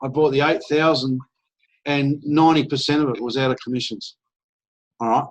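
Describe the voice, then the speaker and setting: A man's voice: mid-range voice, steady tone, normal speed, rough recording. A man presenting at an online business meeting, talking in an enthusiastic, chatty way and acting out phone calls. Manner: enthusiastic and conversational, acts out phone chats. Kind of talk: persuasive sales pitch on a video call.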